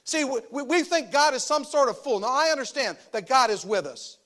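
A man preaching a sermon, animated and emphatic, swinging between loud stressed lines and soft quiet drops. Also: very high voice, fairly quick. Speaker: pastor.

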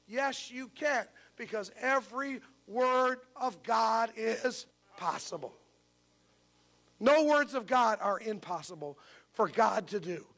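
High-voiced older male preacher. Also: expressive, takes it slowly, fairly bright tone. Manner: preaching with call-and-response questions. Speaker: pastor. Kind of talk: sermon.

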